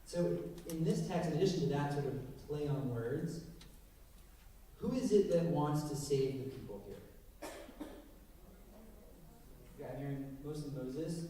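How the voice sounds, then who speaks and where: A man, a rabbi leading a text study with questions, animated and acting out quotes, recorded from a distance in a synagogue hall. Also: on the high side, a little slow, pauses often. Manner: animated, acts out quotes with rising voice. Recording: echoey room, recorded from a distance.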